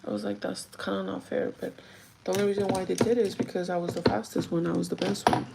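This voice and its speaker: A woman's voice: medium pitch, fairly even intonation, quick pace, gravelly, very noisy. A woman chatting casually to her live viewers while doing her makeup, talking straight to them and laughing often. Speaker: livestreaming vlogger and store manager.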